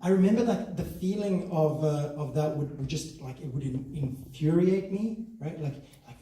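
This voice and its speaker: A South African stand-up comedian works a theatre crowd before a live audience, his voice a touch high for a man. Loose and self-mocking, he laughs at his own lines, talking at a normal speed with hardly any pauses. The sound echoes around the hall and is picked up from far off the mic.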